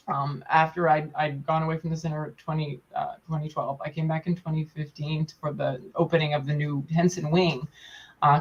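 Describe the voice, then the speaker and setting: A woman in her forties, a puppeteer guest in a casual interview, talking in an animated, chatty way, laughing often and restarting her sentences. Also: lowish voice. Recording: dull lo-fi sound.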